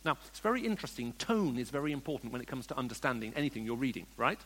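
A man preaching a sermon, moving between hushed storytelling and emphatic questions to the congregation. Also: medium pitch, expressive, racing. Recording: long reverb of a large hall.

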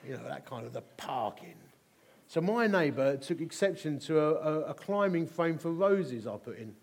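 A man's voice: fairly high pitch, moderate pace, gravelly. A middle-aged man preaching a sermon, telling stories with humour and emphatic repetition. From England. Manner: animated, humorous, emphatic repetition. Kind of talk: sermon with storytelling.

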